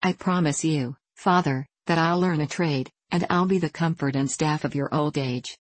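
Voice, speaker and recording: A woman's voice: sits low, normal speed, dry recording. A woman reading the part of a hungry, complaining wooden puppet boy in an audiobook. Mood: pleading. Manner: pleading, complaining. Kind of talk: audiobook character voice.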